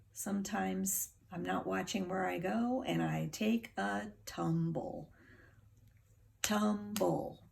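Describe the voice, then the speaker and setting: A woman's voice: mid-range voice, creaky, a little mellow. A woman teacher giving a phonics lesson to children, patiently sounding words out syllable by syllable.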